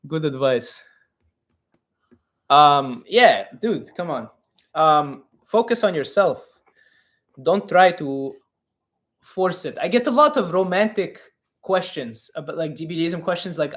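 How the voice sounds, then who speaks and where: High-voiced man doing a rambling comic advice stream. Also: a little slow. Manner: deadpan comic persona in broken English; rambling, many fillers and restarts. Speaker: live stream host giving advice. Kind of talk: comedic advice live stream.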